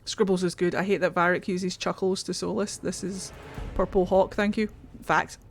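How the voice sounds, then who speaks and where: A woman's voice: on the low side, little pitch movement, normal speed, faint music behind. A woman streaming a video game, chatting casually and getting easily distracted. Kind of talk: casual chat while gaming.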